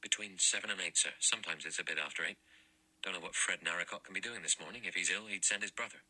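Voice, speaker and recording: A man's voice: deep voice, fast talker, pushed and bright, heavily acted, poor audio. A man doing a nervous deferential butler. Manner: deferential, repeats sir. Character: deferential male butler, anxious and shaken.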